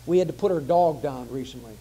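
A man's voice: fairly high pitch, fast talker, dark tone, husky. A man preaching a conversational sermon, often repeating phrases for emphasis.

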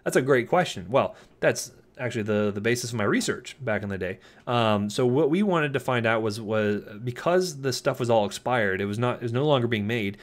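A man's voice: medium pitch, expressive, brisk, few pauses. A middle-aged man from Florida, giving a casual, anecdote-filled pharmacology lecture full of fillers. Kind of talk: recorded lecture.

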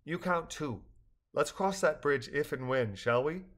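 An older man voicing Lizzie, a kind woman who speaks softly in a read-aloud story. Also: on the high side, lively intonation, a little slow. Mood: gentle. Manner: soft and gentle.

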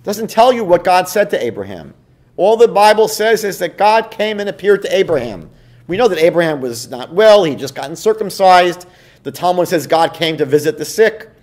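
A man with a somewhat high voice gives a rabbi's evening lecture. He teaches conversationally, moving between stories and passages he reads aloud. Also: very animated, moderate pace, darkish tone. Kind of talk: evening lecture in a seminar series.

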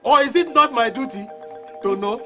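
A man's voice: very high-pitched, lively intonation, normal speed, pushed and bright, full character voice. An actor with a Nigerian accent playing a stern middle-aged father who scolds his daughter. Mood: scolding. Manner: scolding, exasperated. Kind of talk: Nollywood film acting. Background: film score music.

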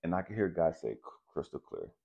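Deep-voiced man telling a heated story. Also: brisk, gravelly, slightly rough, muffled recording. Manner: animated, profane, keeps saying "stay with me, I'm going somewhere". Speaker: channel host. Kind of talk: personal storytelling monologue.

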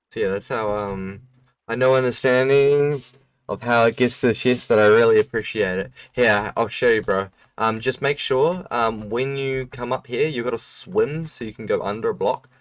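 A young man chats through his gameplay in an easygoing, slightly low voice, walking a viewer through a build and laughing as he goes. He sounds a little set back from the microphone. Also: dry recording, recorded from a distance. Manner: laid-back explaining, laughs often. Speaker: streamer. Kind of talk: casual gameplay commentary.

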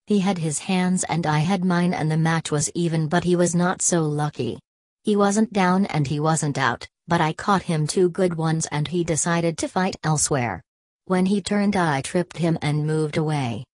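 A woman narrating a novel as an audiobook in a steady, measured storytelling manner. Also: deep voice, dry recording. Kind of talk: scripted narration.

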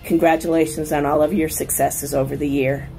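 A woman giving a calm, unhurried, heartfelt message of encouragement to a graduating relative. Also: low-pitched, creaky, soft background music, rough recording.

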